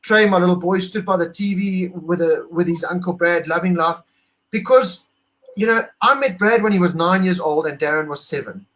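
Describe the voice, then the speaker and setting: A high-pitched man co-hosts a casual talk, gushing with emotion and animation. He is middle-aged and from South Africa. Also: normal speed, a bit bright, low-quality recording. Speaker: podcast co-host. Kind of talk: excited casual chat.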